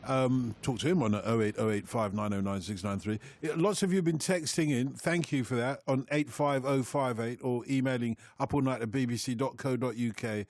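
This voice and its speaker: A man's voice: medium pitch, brisk, hardly any pauses, darkish tone, dry recording. Chatty male radio phone-in presenter. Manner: jokey, chatty banter.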